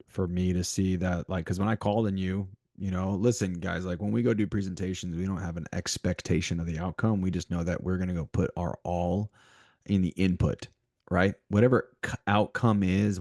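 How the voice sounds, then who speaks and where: Casting: male podcast co-host, very low voice, dry close sound, animated motivational chat. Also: dry recording. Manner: animated, repeats himself, talks straight to listeners.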